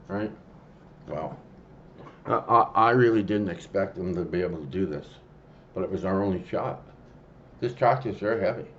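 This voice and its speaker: A man telling a personal story in a rambling, halting way, full of fillers and restarts. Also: lowish voice, dull audio, a little hiss or hum. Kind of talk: casual spoken storytelling.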